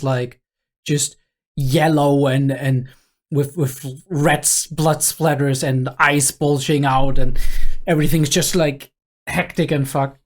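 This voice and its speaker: Young guy reacting to a show, chatty and rambly, lots of uhs and likes, mid pitch. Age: young adult. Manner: rambling, filler-heavy, chuckling. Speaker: reaction video host. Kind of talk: casual reaction commentary.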